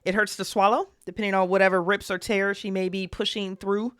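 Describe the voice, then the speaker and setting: A woman's voice: mid-range voice, little pitch movement, a little fast, a bit bright, clean tone, no room sound, clean studio sound. A woman player describing her character at length in a thoughtful way, with fillers. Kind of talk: tabletop role-play.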